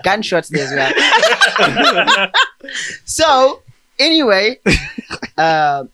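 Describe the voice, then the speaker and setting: A man's voice: high voice, wildly swooping pitch, extremely slow, very noisy. A man hosting a podcast, telling a story in a laid-back, chatty way and laughing often. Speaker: podcast host. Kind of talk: casual chat, telling a story.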